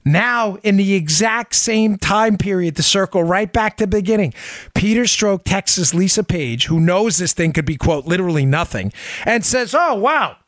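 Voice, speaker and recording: A fired-up middle-aged man hosts his political show, hammering each point with outrage and quick asides. His voice sits a bit high, and the sound is dry and close with no room around it. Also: dry recording. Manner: indignant, emphatic, rapid asides. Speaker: political podcast host. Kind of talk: animated political commentary.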